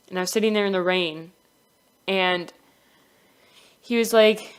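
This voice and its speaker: Young woman, smooth clear voice, casual storytelling, giggly, acts out quotes. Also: mid-range voice, measured pace, pauses often. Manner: giggly, animated retelling with quoted dialogue. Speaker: animation storyteller.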